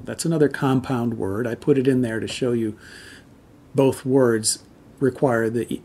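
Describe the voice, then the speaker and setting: A man with a husky, slightly breathy voice at an ordinary pitch, teaching pronunciation. He talks patiently, stops to sound out examples slowly and repeats them so learners can copy. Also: darkish tone. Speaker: language teacher. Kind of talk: explaining pronunciation to camera.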